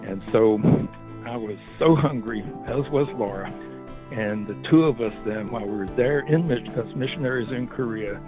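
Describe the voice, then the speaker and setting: A man's voice: mid-range voice, normal speed, music in the background. A man with a Southern US accent, from western North Carolina, speaking earnestly as a ministry director in a casual interview. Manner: earnest, laughs easily. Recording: dry, phone-like line.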